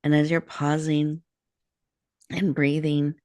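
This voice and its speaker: A woman radio host leading a guided breathing meditation in a slow, soothing, inviting way before she welcomes a guest. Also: sits low, flat delivery, darkish tone, no room sound.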